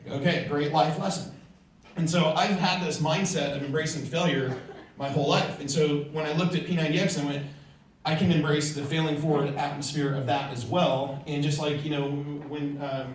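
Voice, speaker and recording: A middle-aged motivational speaker from California addresses an audience in a large hall, acting out quoted exchanges as he tells his stories. His voice is a little high and steady, at normal speed. The far-off mic records an echoey hall with a little hiss or hum.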